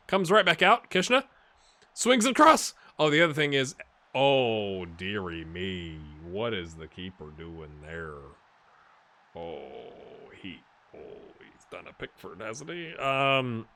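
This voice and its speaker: A man giving excitable, jokey play-by-play commentary on his football management game, with bursts of shouting at goals. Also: mid-range voice. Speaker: gaming YouTuber.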